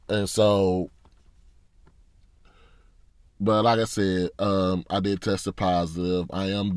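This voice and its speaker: A man's voice: deep voice, steady tone, slow pace, a little mellow, clear, resonant tone, no room sound. A man hosting a casual sports talk podcast, sounding congested and fatigued, frank and frustrated. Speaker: podcast host.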